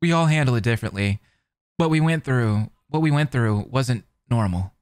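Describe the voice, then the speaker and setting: A man reading the part of a composed teenage boy aloud from a visual novel, calm and measured. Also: medium pitch, clean tone, no room sound, clean studio sound, close to an everyday voice.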